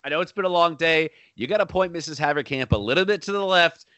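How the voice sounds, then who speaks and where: Man, podcast co-host, animated, bright sharp tone, dry close sound. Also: on the high side, fast talker, no room sound. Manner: animated, laughing, breaks into shouted bits. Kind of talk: casual chat about a film.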